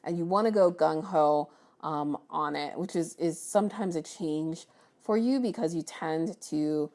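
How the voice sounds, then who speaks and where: Gravelly low-voiced woman reading tarot. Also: a little slow, a little mellow. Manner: chatty, encouraging, many ums and restarts. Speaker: tarot reader.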